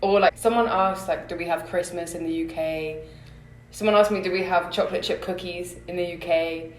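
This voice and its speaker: A woman's voice: on the low side, fairly even intonation, normal speed. Easygoing young London woman hosting. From South London. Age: young adult. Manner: easygoing, laughs along, asks light questions. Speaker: podcast host. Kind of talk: casual chat. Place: campus room. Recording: echoey room.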